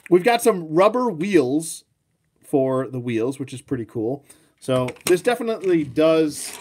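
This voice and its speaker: A man's voice: mid-range voice, darkish tone, a little hiss or hum. A man giving a casual toy review, rambling and joking, with lots of ums and uhs.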